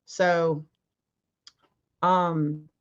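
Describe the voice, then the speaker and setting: A woman's voice: low voice, little pitch movement, very slow, clear, resonant tone, lo-fi sound. A woman guest telling a personal story in casual, emphatic talk, acting out the arguments she quotes. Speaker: interview guest.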